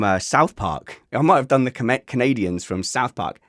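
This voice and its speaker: A man's voice: mid-range voice, lively intonation, normal speed, few pauses, no echo, studio quality. A man hosting a casual podcast, jokey and self-mocking. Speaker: podcast host.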